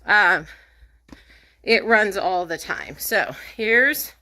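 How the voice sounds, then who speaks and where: In a casual walkthrough vlog, a woman chats her way around her rural cabin homestead, both inside and outside, a little out of breath, laughing a lot and talking to her cats. Her medium-pitched voice is expressive, extremely slow, pushed and bright. The studio-quality recording has no echo.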